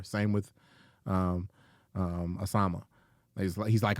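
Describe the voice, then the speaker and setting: A middle-aged comedian, a guest on a casual podcast, tells profane stories and acts out the people he quotes. His voice sits low with a level tone, and he speaks unhurriedly with long pauses. The studio sound is clean, with no echo.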